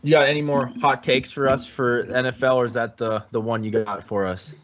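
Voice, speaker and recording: A man hosting a sports podcast, chatting casually and rambling, with many restarts and throat clearing. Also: mid-range voice, fairly even intonation, brisk. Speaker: podcast host. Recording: dull lo-fi audio.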